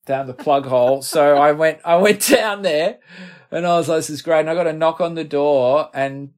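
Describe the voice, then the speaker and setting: A man's voice: a little high, moderate pace. A middle-aged man with an Australian accent, a guest musician telling rambling, self-deprecating stories in a casual interview.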